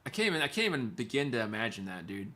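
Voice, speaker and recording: A man's voice: medium pitch, sing-song, very fast, fairly bright tone. A man, a guitar teacher, chatting casually on a livestream and reading viewer comments, rambling and laughing easily.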